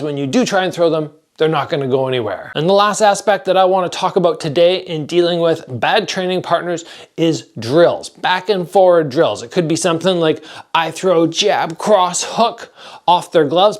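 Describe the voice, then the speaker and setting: A man coaching martial arts training, explaining straight to the camera in a direct, practical way and acting out strikes with sounds. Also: fairly high pitch. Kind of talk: instructional talk to camera.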